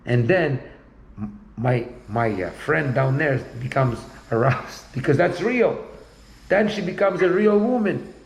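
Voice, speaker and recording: A man's voice: on the high side, lively intonation, measured pace, vocal fry. Blunt rambling man, echoey room. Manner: blunt, rambling, repeats himself. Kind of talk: casual conversation.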